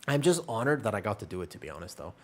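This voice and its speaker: A man's voice: on the low side, big pitch swings, very fast. A man streaming and chatting casually, answering his chat in a rambling, talkative way. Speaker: game streamer.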